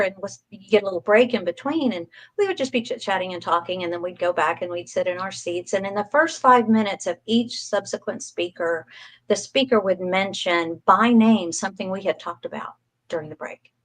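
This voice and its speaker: A woman's voice: mid-range voice, brisk, rough recording. A woman, a guest in an interview, telling a personal story in a chatty way with frequent ums and light laughs. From Texas coast, USA. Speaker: interview guest, psychic medium.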